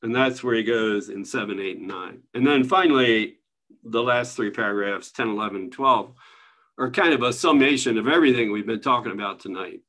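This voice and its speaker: Relaxed man leading a spiritual study group. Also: medium pitch, brisk. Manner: relaxed, chuckling, conversational. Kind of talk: casual spiritual teaching. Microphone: video call.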